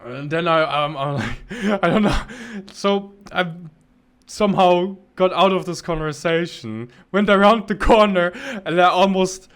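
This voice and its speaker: A man's voice: high-pitched, measured pace, a bit bright, smooth. A man co-hosting a podcast, telling a story in a rambling, casual way with many restarts. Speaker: podcast co-host.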